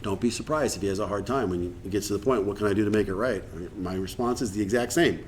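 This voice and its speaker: A man's voice: fairly low pitch, fast talker, a little hiss or hum. A man leading a recovery workshop in a meeting room, talking earnestly and acting out bits of dialogue. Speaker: workshop speaker.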